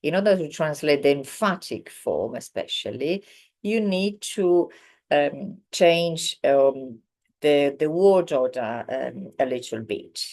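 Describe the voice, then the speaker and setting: A woman's voice: extremely low pitch, a little mellow. A woman teaching a beginners' online language lesson, explaining patiently with many ums and self-corrections. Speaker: Italian teacher.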